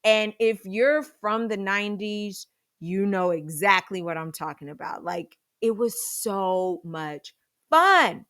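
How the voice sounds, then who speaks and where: A woman in her thirties tells a comedic personal story at an unhurried, drawn-out pace. Her delivery is dramatic and animated, jumping into sudden loud bursts for emphasis. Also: fairly low pitch. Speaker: podcast storyteller.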